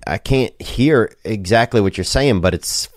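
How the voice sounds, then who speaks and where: Low-voiced drawling man hosting a podcast. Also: animated, normal speed, dry recording, studio quality. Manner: loose, drawling, joking, swears casually. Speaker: podcast host. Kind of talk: casual rambling podcast talk.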